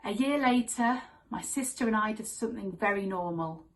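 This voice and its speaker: A woman telling a comic true story on stage in a wry, deadpan manner. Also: medium pitch, moderate pace, rough recording.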